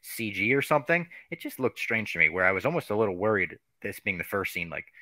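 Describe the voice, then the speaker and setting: Low, bright-voiced man recapping a movie. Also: sing-song, fast, no echo. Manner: chatty recapping, casual swearing. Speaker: podcast host. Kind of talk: casual chat and movie recap.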